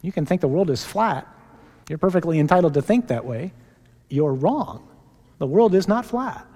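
Priest guy preaching hard, stretches words out slow, kinda high voice, big echoey church. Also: lively intonation, warm tone. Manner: emphatic, preacherly, draws out key phrases slowly. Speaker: priest leading a parish mission. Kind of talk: sermon and led prayer. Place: large church. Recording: long church reverb.

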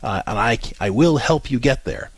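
A man's voice: mid-range voice, lively intonation, normal speed, gravelly, husky, no echo. A man co-hosting a parenting show, explaining in an earnest, fumbling way with many restarts. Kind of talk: advice talk.

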